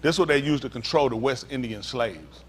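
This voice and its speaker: A man preaching a sermon as pastor, swinging from hushed talk to shouting. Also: medium pitch, fairly quick, a little hiss or hum.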